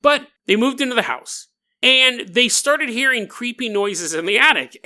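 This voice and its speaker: Sarcastic high-voiced male podcast host. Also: expressive, a little slow, bright, forceful tone. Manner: sarcastic, joking, laughs often. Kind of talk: comedic storytelling podcast.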